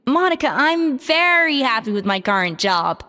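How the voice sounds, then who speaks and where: A woman's voice: sits high, big pitch swings, a little slow, bright, forceful tone, long reverb tail, faint music behind, heavily acted. An actress playing a proud, composed female former head chef who speaks with cool, cutting poise.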